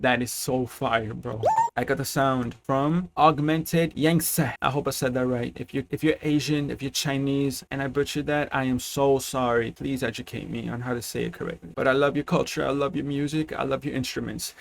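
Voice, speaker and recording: A man's voice: mid-range voice, fairly even intonation, normal speed, vocal fry. A young man from Mexico, a music production tutor, explaining his steps in a laid-back, slangy way. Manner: laid-back slangy chatter, says "bro" often. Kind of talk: casual screen-recorded tutorial.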